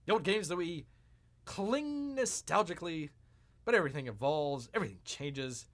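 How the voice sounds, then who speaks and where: A man's voice: a little high, animated, moderate pace, fairly bright tone. A man hosting a live stream, reacting with sarcastic, mock-exasperated commentary. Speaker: streamer host.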